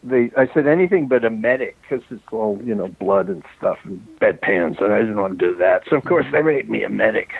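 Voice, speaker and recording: A man's voice: on the low side, animated, fairly quick, creaky, few pauses, husky, dry recording. Older man telling rambling stories over a phone line. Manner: rambling anecdotes with chuckles and restarts. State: out of breath from walking around. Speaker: film director guest. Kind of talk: casual storytelling interview. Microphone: phone call. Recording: tinny dry phone line.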